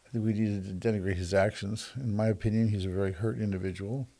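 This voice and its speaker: A man giving a reflective monologue who stops and restarts often and repeats words, slowing down to stress soft points. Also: on the low side, steady tone, gravelly. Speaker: speaker on self-judgment and kindness.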